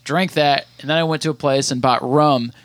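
Male podcast co-host, 30s, chatty rambling storyteller, voice a bit high. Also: moderate pace, smooth, dry recording. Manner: rambling, animated storyteller with many restarts. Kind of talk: casual storytelling chat.

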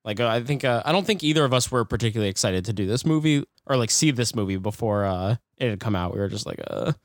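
A man co-hosting a podcast in casual chat, laid-back and quick to laugh. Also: medium pitch, expressive, no echo, clean studio sound. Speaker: podcast co-host.

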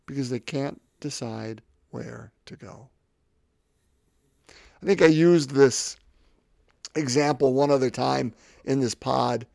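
Slow and marked by long pauses, this fifty-something podcast host's medium voice has vocal fry and a slightly mellow quality. On his faith podcast, recorded dry and clean in a studio, he muses reflectively, rambling and repeating words while he thinks.

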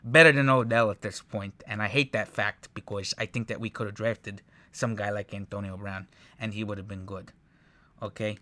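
A man breaking down football highlights in a casual, profane, exasperated rant. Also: steady tone, normal speed, pushed and bright. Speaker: sports commentator reacting to highlights.

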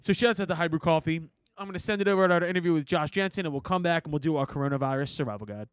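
A man's voice: on the high side, smooth, no echo, clean studio sound. A man hosting a podcast in a loose, joking chat, reading a sponsor spot and introducing a guest. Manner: fast, loose and jokey, says he can't do a British accent. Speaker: podcast host.

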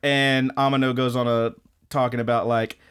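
A man's voice: mid-range voice, little pitch movement, normal speed, a bit bright, clean tone. Guy cohosting an anime podcast, rambles n swears a lot, plays out the quotes. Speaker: podcast co-host. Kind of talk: casual anime podcast chat.

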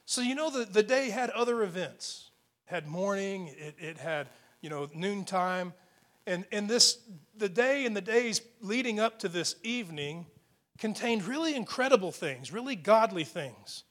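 A man's voice: high voice, expressive, normal speed, a bit bright. A middle-aged man preaching a sermon, building intensity and asking rhetorical questions. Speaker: pastor.

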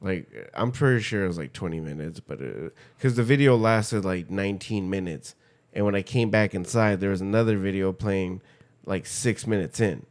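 A man's voice: low voice, normal speed, darkish tone. Young man, casual podcast co-host, rambling, profane storytelling, acted-out quotes.

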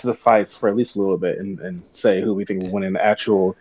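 Male podcast co-host, animated rambling delivery, dry and dull lo-fi recording. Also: sits low, fast, husky, no echo. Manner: rambling, animated storytelling rants. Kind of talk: casual podcast chat.

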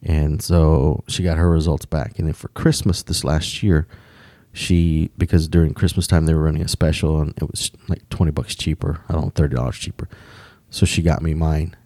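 A man's voice: a bass voice, level tone, moderate pace, warm tone, dry recording, clean studio sound. A man in casual conversation, rambling with frequent restarts and casual swearing. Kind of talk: casual chat.

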